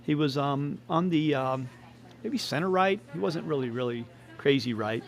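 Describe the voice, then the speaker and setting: A man's voice: a little high, moderate pace. A man co-hosting a podcast, rambling through a story in casual chat and laughing often. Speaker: podcast co-host.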